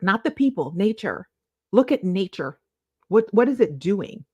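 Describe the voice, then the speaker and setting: A woman's voice: mid-range voice, big pitch swings, measured pace, a little mellow, breathy edge, dry recording, muffled recording. A woman chatting to camera in a casual, preachy way, affectionately calling viewers "boo-boo" and drawing out words for emphasis. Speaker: lifestyle vlogger. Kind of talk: casual motivational chat to camera.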